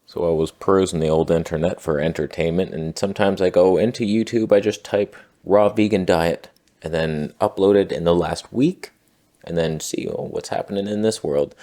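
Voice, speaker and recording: A man delivering a deadpan satirical monologue in a mock-earnest, sarcastic tone. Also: sits low, moderate pace, slight background noise. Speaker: satirical commentator.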